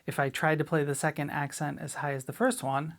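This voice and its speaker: A middle-aged woman teaching a drum lesson in a relaxed, chatty way, sometimes scatting rhythms aloud. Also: sits low, a little fast, faint music behind. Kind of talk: casual spoken lesson.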